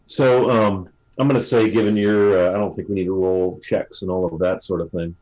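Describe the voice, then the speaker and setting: A man running a tabletop role-playing game as dungeon master, narrating in a relaxed, halting way with many fillers. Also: low-pitched, poor audio.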